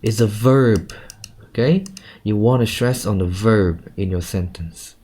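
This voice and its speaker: Low, mellow-voiced English teacher, man. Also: a little slow. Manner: corrective, ends phrases with "okay?". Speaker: IELTS speaking teacher. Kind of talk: one-on-one speaking coaching.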